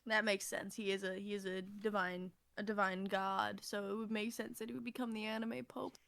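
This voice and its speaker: A woman's voice: medium pitch, level tone, fairly quick, gravelly, a bit bright. A woman co-hosting a podcast in casual chat, rambling, laughing and swearing as she reads from an old notebook. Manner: reading aloud from an old notebook. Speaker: podcast co-host.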